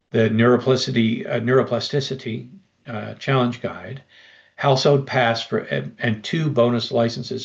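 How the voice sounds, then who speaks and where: Gravelly man giving a persuasive pitch. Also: highs cut off. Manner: persuasive, addresses listeners directly. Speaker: presenter. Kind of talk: webinar pitch.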